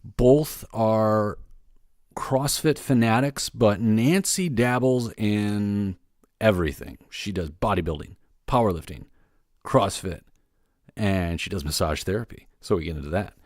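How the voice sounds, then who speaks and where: A man's voice: lowish voice, measured pace, no echo, studio quality. A man hosting his own podcast, giving a casual, rambling solo update with plenty of fillers and restarts. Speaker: podcast host.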